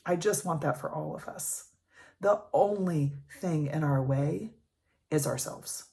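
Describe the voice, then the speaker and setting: A woman's voice: sits low, unhurried, creaky, mellow. A woman in her thirties, a life coach, speaking earnestly and emotionally in a personal vlog. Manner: earnest, emotional, talks with emphasis.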